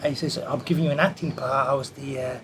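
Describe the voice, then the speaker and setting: A man telling a lively anecdote from his film career in an interview, acting out the quoted voices as he goes. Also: medium pitch, quick pace, slight background noise. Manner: animated anecdote teller who acts out quotes. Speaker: martial artist and film stunt performer. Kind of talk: storytelling in an interview.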